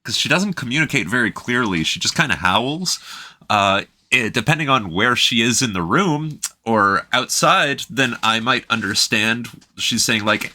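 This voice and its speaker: Canadian guy, very bright tone, wry deadpan co-host. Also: mid-range voice, moderate pace. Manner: dry, wry asides. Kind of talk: casual reaction chat.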